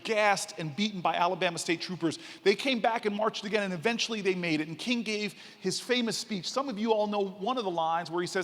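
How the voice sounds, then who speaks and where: A senator giving a keynote speech, telling stories and building to rousing emphasis. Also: male voice, high voice, fairly bright tone. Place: large convention hall. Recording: reverberant hall.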